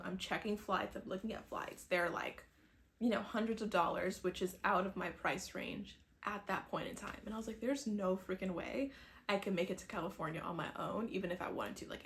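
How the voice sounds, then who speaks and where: A young woman chatting casually to camera, telling a personal faith story and acting out her own past thoughts. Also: mid-range voice. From New England, US. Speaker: vlogger sharing a faith testimony.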